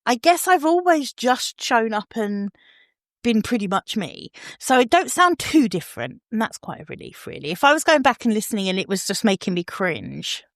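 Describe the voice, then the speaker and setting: A woman's voice: fairly high pitch, sing-song, normal speed, no room sound, clean studio sound. A middle-aged English woman hosting a podcast, chatty and effusive, laughing easily as she talks with her guest. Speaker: podcast host. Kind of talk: casual podcast chat.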